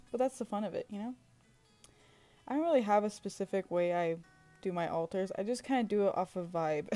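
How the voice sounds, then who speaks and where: A young woman chatting casually in a home vlog voice-over, giggling often and scolding herself as she goes. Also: mid-range voice. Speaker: vlogger. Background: soft guitar music.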